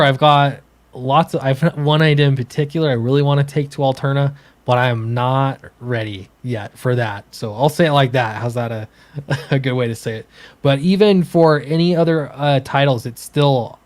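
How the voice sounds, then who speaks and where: A man who makes comics, co-hosting a casual livestream, easygoing and halting, with many fillers. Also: mid-range voice, no echo. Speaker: comics creator and co-host.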